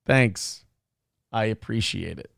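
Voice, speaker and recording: A man's voice: fairly low pitch, takes it slowly, gravelly, a bit bright, no room sound, clean studio sound. A man hosting a casual morning talk show, rambling and self-deprecating as he reads viewer messages aloud. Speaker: show host.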